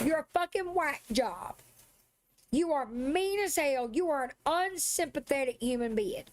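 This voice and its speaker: High-voiced woman on a profane rant. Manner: profane, confrontational, sassy. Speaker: live streamer. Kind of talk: angry livestream rant.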